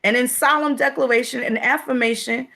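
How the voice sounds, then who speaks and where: A woman's voice: high voice, steady tone, fairly quick, vocal fry, a bit bright. A woman giving a profane, repetitive livestream commentary, speaking in a confrontational way.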